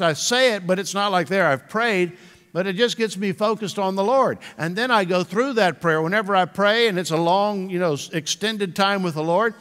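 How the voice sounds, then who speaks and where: A male pastor preaching a sermon in a conversational way, slowing down to repeat key phrases for emphasis. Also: sits high, fairly bright tone, long reverb tail.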